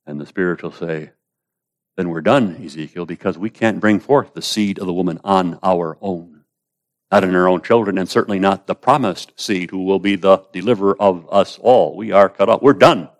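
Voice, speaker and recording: A man preaching an expository sermon, rising to loud pleading when voicing prayers and dropping low and quiet, addressing listeners as beloved. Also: moderate pace.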